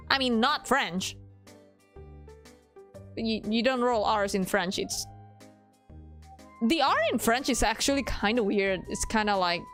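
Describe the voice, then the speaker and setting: A woman streaming a visual novel, chatting casually, swearing freely, laughing often and nerding out about languages. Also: mid-range voice. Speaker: game streamer. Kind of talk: casual live gaming commentary.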